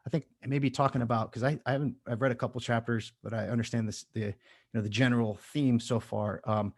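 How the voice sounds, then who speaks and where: A man's voice: medium pitch, fairly even intonation, fast, a little mellow, slightly rough. A man hosting a podcast in casual conversation, earnest and building long analogies. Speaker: podcast host.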